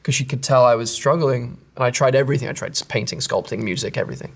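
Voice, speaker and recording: A man's voice: medium pitch, fairly quick. An English man in his thirties reads out internet comments and answers them in a rambling, self-interrupting way, laughing at himself now and then. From England. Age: 30s. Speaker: actor answering internet questions. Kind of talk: casual reading and answering web comments.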